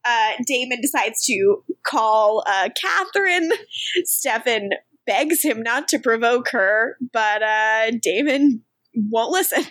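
A woman's voice: fairly high pitch, lively intonation, takes it slowly, fairly bright tone, no room sound. A woman co-hosting a podcast, recapping a show in casual chat, joking at her own expense and openly sentimental. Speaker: podcast co-host.

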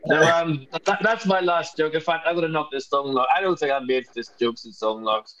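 A man's voice: on the high side, a little fast, a bit bright. A man from Belfast, hosting a podcast with playful, self-deprecating jokes. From Belfast, Northern Ireland. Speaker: podcast host. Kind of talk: jokey podcast chat. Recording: dull lo-fi sound.

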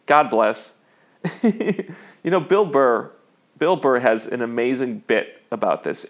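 A man delivering an opinion monologue in a measured, emphatic way, with frequent "you know" fillers. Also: medium pitch.

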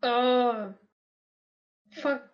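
A woman's voice: on the high side, steady tone, extremely slow, dull audio. A woman guest chatting casually on a podcast, rambling and swearing freely as she answers questions. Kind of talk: casual chat.

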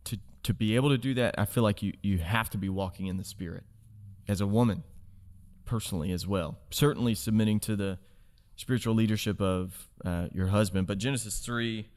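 A man with a lowish voice speaks softly and in a measured way in a casual faith discussion. He talks calmly and thinks aloud as he goes.

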